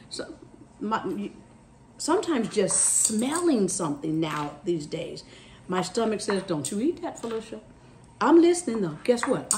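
A middle-aged woman talks straight to her viewers while she cooks, chatty and easygoing, at an ordinary middle pitch. She is in a home kitchen, and dishes and cutlery clatter faintly behind her. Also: a little hiss or hum. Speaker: cooking vlogger. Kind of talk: casual chat while cooking.

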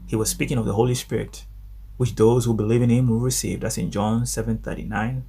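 A man teaching a devotional Bible study in an animated way, repeating phrases for emphasis. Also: medium pitch, a little fast, vocal fry, noisy background.

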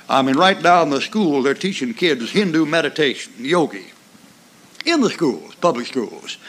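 A man's voice: on the high side, fairly bright tone. An older man preaching a sermon in a folksy, emphatic way, mixing mocking asides with chuckles.

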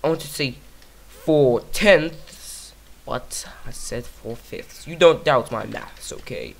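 Talking slowly with vocal fry at a medium pitch, this YouTuber plays his own game and chats casually to himself, rambling, being silly, and singing bits of nonsense.

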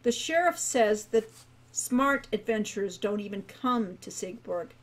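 A woman's voice: mid-range voice, animated, unhurried. A woman reading the lines of a worried, gloomy teenage boy who keeps warning of danger, in a live reading of a storybook. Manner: fretful, gloomy, quiet.

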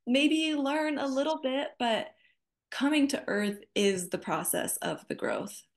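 A woman's voice: high-pitched, measured pace. A woman author as podcast guest, who speaks earnestly, often quotes scripture and acts out pleading quoted voices. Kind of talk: reflective faith conversation.

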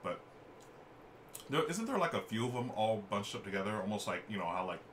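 A man's voice: lowish voice, big pitch swings, fairly quick, slight background noise. A man hosting a live game stream, chatting casually and reading viewer comments aloud at a desk mic. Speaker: streamer host. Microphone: desk microphone.

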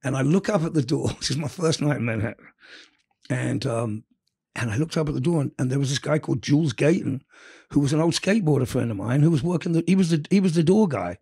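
Middle-aged English man, interview guest, rapid gravelly delivery, swears freely as he tells stories. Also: a little high, no room sound, studio quality. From England. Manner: profane, animated storyteller. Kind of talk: casual storytelling interview.

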